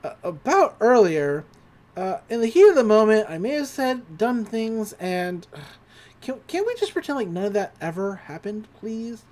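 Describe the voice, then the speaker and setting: A woman's voice: medium pitch, very animated, moderate pace, a little mellow, natural voice. A woman voicing a lovestruck twelve-year-old boy in a podcast recap, pleading and panicky. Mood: sheepish.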